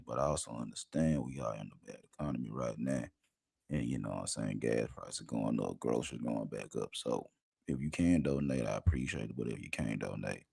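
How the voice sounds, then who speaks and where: Deep gravelly rambling male host. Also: darkish tone. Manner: rambling, slangy, talks a lot. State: high. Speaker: podcast host. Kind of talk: casual livestream talk.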